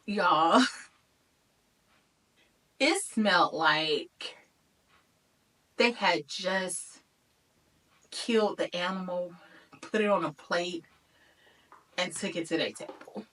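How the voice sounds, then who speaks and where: A woman vlogger tells a personal story in an animated, conversational way and talks to her viewers directly. She takes her time over her words. She is recorded from a little distance, so her voice sounds slightly removed. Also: on the low side, drawn-out words, pauses often.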